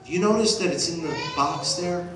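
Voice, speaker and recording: A pastor preaching a sermon to his church, swinging from hushed passages to shouted ones. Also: sits high, a little fast. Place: church sanctuary. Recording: echoey hall, distant mic, audible noise.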